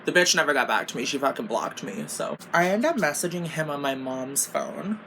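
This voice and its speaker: A woman's voice: deep voice, lively intonation, a little fast, a bit bright, a little hiss or hum. A young woman telling a storytime while doing her makeup, casual and exasperated, swearing constantly and saying "like" a lot. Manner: profane, exasperated and rambling, lots of "like". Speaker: beauty vlogger.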